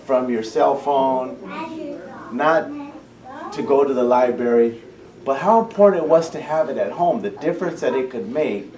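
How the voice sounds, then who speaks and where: A man's voice: mid-range voice, darkish tone. Impassioned man in an echoey room. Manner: passionate, repeats and restarts phrases. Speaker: community program founder speaking to parents. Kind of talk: impassioned public talk. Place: school meeting room. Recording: echoey room, distant mic, faint hum.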